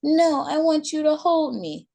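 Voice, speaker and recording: A woman's voice: sing-song, measured pace, creaky, dark tone, full character voice. Woman putting on a whiny, clingy little girl. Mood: pleading. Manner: pleading, high-pitched, shrieking.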